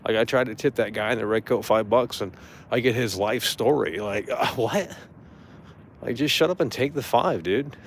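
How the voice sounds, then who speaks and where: A man rants angrily and curses without holding back, his voice sitting at an ordinary middle pitch. He talks in a loose, casual way and drops into mocking impressions of the person he is complaining about. A faint hum of ambience sits behind him. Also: moderate pace. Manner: angry, profane ranting. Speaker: streamer. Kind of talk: casual ranting monologue.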